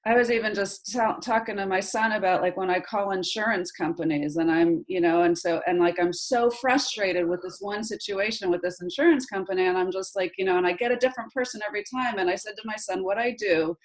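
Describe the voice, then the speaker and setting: Woman, forties, life coach, animated, video call mic. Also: medium pitch, fairly quick, hardly any pauses. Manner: animated, keeps checking in with "right?". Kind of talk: casual coaching chat.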